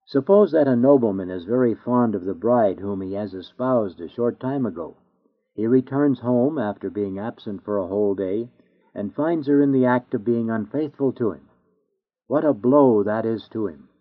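A man reading a sermon aloud in a solemn, declamatory manner. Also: mid-range voice. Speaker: preacher. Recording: tinny phone-like audio.

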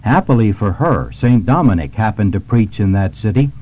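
A man reading a devotional sermon in a measured, solemn manner. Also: lowish voice, animated, highs cut off. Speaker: preacher.

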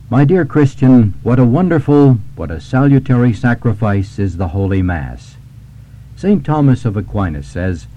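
Man, preacher, solemn devotional reading, measured delivery, warm dark tone. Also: fairly low pitch, a little hiss or hum, rough recording.

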